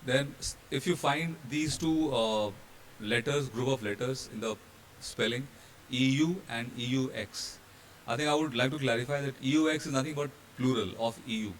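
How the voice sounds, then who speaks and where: Indian male instructor, mid-pitched, patient slide-by-slide explainer, faint hiss behind. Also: moderate pace. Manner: explanatory, with fillers and restarts, spelling out letters. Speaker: hotel training instructor. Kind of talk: slide-based pronunciation lesson.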